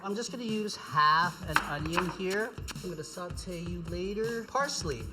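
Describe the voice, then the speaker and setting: A man's voice: high voice, a little slow, loud music behind the voice. A male home cook presenting a cooking demonstration in a playful, sing-songy way.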